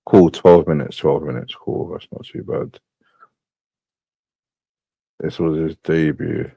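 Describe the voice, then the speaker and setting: A man's voice: extremely low pitch, level tone, slow pace, vocal fry, mellow, breathy edge, dry recording. A man hosting a live stream, muttering asides to himself as he plays clips. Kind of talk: casual live-stream chat.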